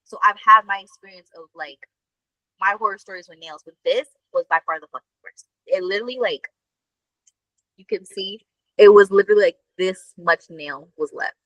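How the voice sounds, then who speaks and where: A woman co-hosting a podcast, telling a story in casual chat, animated and full of fillers and swearing. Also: mid-range voice, normal speed, dry recording, rough recording. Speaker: podcast co-host.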